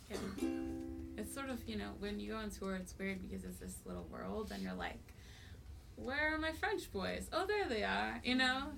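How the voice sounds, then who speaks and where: A woman's voice: medium pitch, vocal fry. A young woman, a singer-songwriter, rambling and giggling between songs with lots of "like" fillers at a live show. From US Pacific Northwest. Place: live music venue. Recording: distant live recording with loud ukulele.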